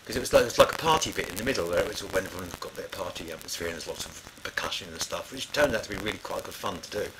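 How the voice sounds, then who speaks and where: A man's voice: deep voice, expressive, rapid-fire, few pauses, background noise. A middle-aged man telling studio stories in a rambling, casual way, full of fillers and restarts. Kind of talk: casual spoken anecdote.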